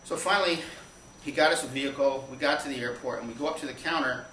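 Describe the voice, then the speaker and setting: A man's voice: mid-range voice, pushed and bright. A man spins a meandering anecdote live on a small stage, his mid-range voice caught by a distant mic. The room rings with echo, and a faint hum of ambience sits under him. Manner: rambling, anecdotal, halting with restarts. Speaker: storyteller. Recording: echoey live room from far off.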